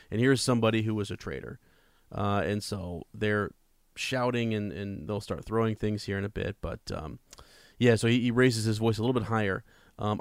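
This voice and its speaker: A man's voice: fairly low pitch, clear, resonant tone, no room sound, clean studio sound. A man discussing a novel in casual chat, reflective and chatty, reading out passages now and then. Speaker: co-host of a book discussion.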